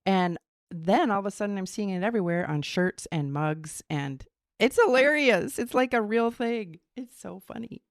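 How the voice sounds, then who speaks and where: A middle-aged woman, co-hosting a podcast in casual, animated chat. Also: mid-range voice, normal speed, no room sound, clean studio sound. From Minnesota. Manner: animated, explains theories, laughs. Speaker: podcast co-host.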